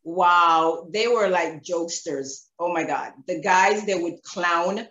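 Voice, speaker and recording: A woman with a Jamaican accent, a former track athlete telling stories in an interview, animated and laughing, acting out quotes. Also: lowish voice, takes it slowly, reverberant, lo-fi sound. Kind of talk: reflective interview storytelling.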